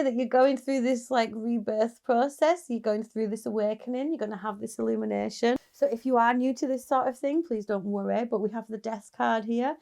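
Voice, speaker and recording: A woman's voice: on the high side, vocal fry, dark tone. A woman giving a casual, chatty tarot reading straight to her viewers, encouraging and sometimes laughing. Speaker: tarot reader.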